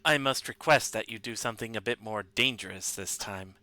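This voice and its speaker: A man reading the lines of a polite male computer intelligence in a measured, formal way. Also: fairly low pitch, pushed and bright, no echo. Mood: calm.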